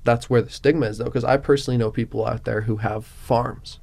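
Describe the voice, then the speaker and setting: A man hosting a podcast, talking in a relaxed, rambling way with lots of fillers. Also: medium pitch, fairly quick, gravelly. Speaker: podcast host. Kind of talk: casual chat.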